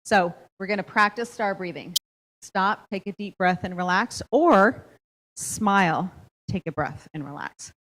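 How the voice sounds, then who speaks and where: A woman's voice: mid-range voice, a little slow, fairly bright tone, poor audio. A middle-aged woman presenting a parenting workshop, explaining step by step and often checking in with "okay?". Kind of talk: instructional presentation.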